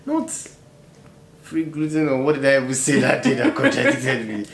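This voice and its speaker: In a relaxed interview, a young Nigerian-accented man laughs a lot and fills gaps with "you know." His voice is on the high side, creaky, with big pitch swings at a moderate pace, over slight hiss and roomy echo.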